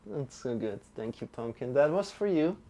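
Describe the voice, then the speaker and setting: A man leading a live-streamed yoga and meditation class, giving gentle, encouraging cues and chatting with viewers between them. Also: medium pitch, expressive, normal speed, creaky. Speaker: yoga teacher.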